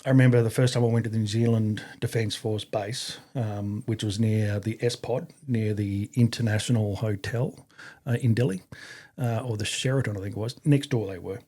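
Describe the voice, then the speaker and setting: In a fairly low, steady, mellow voice at normal speed, a middle-aged Australian ex-soldier shares stories in a loose, casual way. He leans on fillers, restarts often, and mimics the voices of those he quotes.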